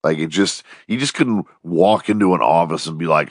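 Man, forties, strained voice, very deep, dry close recording, podcast host, profane jokey rambling. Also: moderate pace, no room sound. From Texas. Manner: profane, jokey, animated storytelling. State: strained, losing his voice. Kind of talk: casual rambling monologue.

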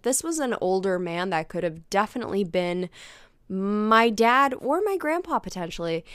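A young woman talks fast and loose through a personal story, swearing casually and slipping into quick impressions of the people she met. Her voice is smooth and clear, recorded close and dry with no room sound. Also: medium pitch, fairly bright tone, dry recording. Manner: chatty, rambling, swears casually, acts out voices.

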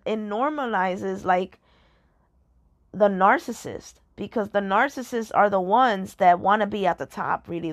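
A woman's voice: medium pitch, no room sound, studio quality. A woman talking casually and emphatically to her listeners, repeating herself and often asking if they understand. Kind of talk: casual monologue to camera.

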